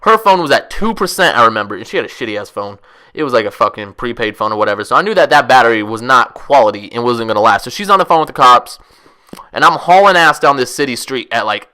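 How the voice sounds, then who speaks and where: A young man telling a wild story casually, profane, rambling and excitable. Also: mid-range voice, fast, smooth. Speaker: vlogger.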